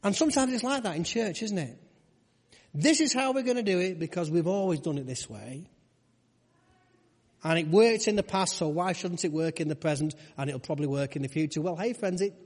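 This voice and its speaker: A man delivers a sermon in a relaxed, conversational way, tossing rhetorical questions to his listeners. His voice sits a little high for a man. The sound rings with a long hall reverb. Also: breathy edge. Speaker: pastor.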